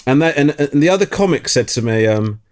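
A man from England, a comedian guest, chatting casually on a podcast and telling stories with quick restarts. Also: fairly high pitch. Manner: animated storytelling with quick restarts.

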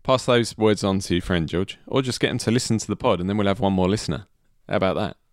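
A man's voice: lowish voice, quick pace, no echo, studio quality. A man co-hosting a podcast, making wry, teasing remarks. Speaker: podcast co-host. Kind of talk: casual podcast chat.

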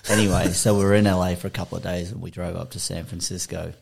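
A man's voice: low voice, flat delivery, fast, vocal fry, darkish tone, breathy edge. An Australian man co-hosting a podcast, telling a rambling anecdote in casual chat, swearing freely and laughing through his own story. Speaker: podcast co-host.

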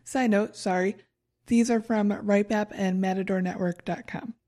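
A woman's voice: medium pitch, fairly even intonation, normal speed, warm tone. A woman co-hosting a podcast in casual chat, reading from her notes and stumbling over foreign words. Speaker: podcast co-host presenting research.

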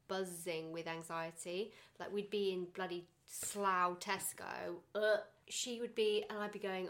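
A young woman hosting a casual chat, talking in a chatty, animated way and acting out quotes. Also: lowish voice. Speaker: podcast host.

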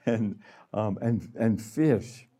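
A man's voice: on the low side, drawn-out words, warm tone. A man giving a conversational sermon to a gathering, laughing often and acting out little voices. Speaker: healing room director speaking.

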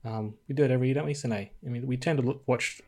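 A man's voice: medium pitch, very fast, darkish tone. A man co-hosting a podcast, chatting casually about a film in an easygoing, musing way. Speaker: podcast co-host. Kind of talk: casual film review chat.

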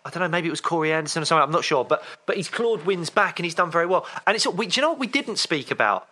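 A man with a bright, clear voice, telling a story at an easy chatty pace. His voice sits a little high for a man. He speaks casually as a podcast co-host. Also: expressive, very fast. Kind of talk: casual chat.

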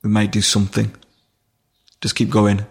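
Man, gravelly voice, flat delivery, emotional, halting, podcast guest. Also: on the low side. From Durham, England. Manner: halting, emotional, many restarts. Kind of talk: personal storytelling in conversation.

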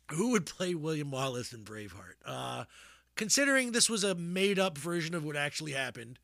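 Casting note: man, podcast co-host, bright, fairly high voice, rambly and laughing, dry close sound. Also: big pitch swings, brisk, gravelly, dry recording. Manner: rambling, laughs often, many fillers and restarts. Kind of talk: casual chat.

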